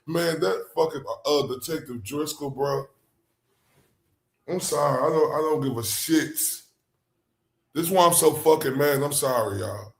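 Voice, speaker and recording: Fired-up, profane man reacting in an echoey room. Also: a little high. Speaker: livestream host reacting to trial commentary. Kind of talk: heated casual reaction commentary.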